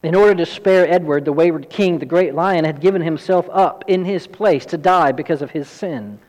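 A man pastor preaching an earnest, emphatic sermon, at times quick and at times slow. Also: fairly high pitch, darkish tone. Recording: long hall reverb.

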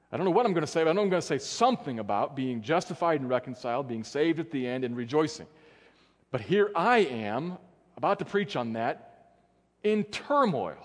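Speaking from a church sanctuary, an earnest male pastor gives a sermon and drops to a quiet, low register to stress his points. His words echo with the hall's lengthy reverb.

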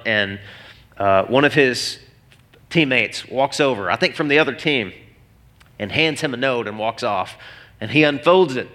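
A man's voice: mid-range voice, bright, forceful tone. A man preaching a sermon in an earnest, emphatic way, asking the listeners questions as he goes. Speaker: pastor.

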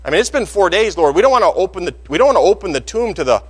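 Racing through his sermon, this pastor's husky, slightly bright voice sits high for a man and swings widely in pitch. He animates the story by performing the voices of those he quotes, and the church sanctuary throws a long reverb behind each phrase.

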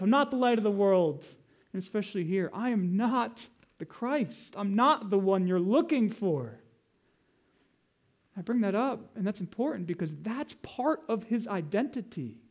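High-voiced man preaching a sermon. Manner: emphatic, teaching, slows down to stress scripture quotes. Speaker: pastor.

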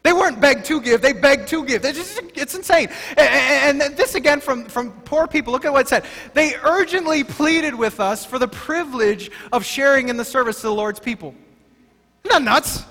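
A man preaching a sermon as pastor, emphatic and excitable, often stumbling over his words as he restarts. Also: very high-pitched, normal speed. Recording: long hall reverb.

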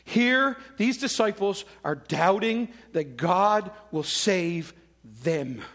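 High-voiced pastor preaching. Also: male voice, animated, slow pace, a bit bright. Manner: conversational preaching with dramatic quoted voices. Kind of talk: sermon.

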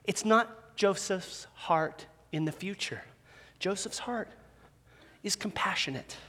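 A man preaching a sermon as a pastor in a church, conversational and animated, with self-deprecating humor. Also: high voice, slow pace, slight background noise. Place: church sanctuary with a live audience. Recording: long reverb of a large hall.

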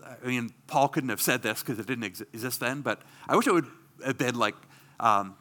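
Bright, emphatic pastor preaching. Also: male voice, medium pitch, normal speed. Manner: earnest, emphatic, with rhetorical questions. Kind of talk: sermon.

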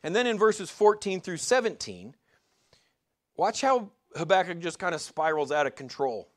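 A man's voice: high voice, lively intonation, moderate pace. A man preaching a sermon in a conversational way, asking his listeners rhetorical questions and sometimes stumbling and restarting. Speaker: pastor.

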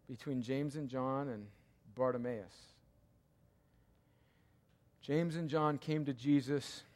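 A man preaching a sermon as pastor, emphatic and repetitive, swinging from loud cries to hushed, quiet passages. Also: medium pitch. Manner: emphatic, repeats key lines, swings between loud cries and hushed tones. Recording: long hall reverb.

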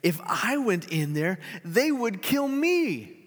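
A man's voice: medium pitch, fast, fairly bright tone, in a large hall, lightly acted. A man voicing a tiny, determined woman missionary, speaking up in a raised, earnest voice. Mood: alarmed.

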